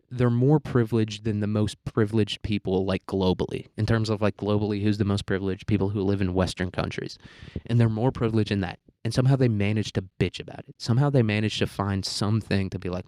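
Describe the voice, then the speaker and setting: A young American man with a fairly low voice rants on his solo podcast, full of profanity and loose fillers. The sound is close and dry, with no room around it. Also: darkish tone, dry recording. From United States. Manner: profane, ranting, rambling with frequent fillers. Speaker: podcast host.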